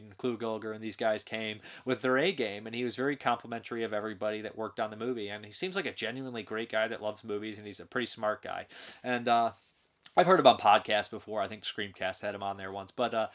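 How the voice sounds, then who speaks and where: A man's voice: mid-range voice, fairly bright tone. A man hosting his own channel, giving an enthusiastic, rambling spoken movie review with frequent restarts and chuckles.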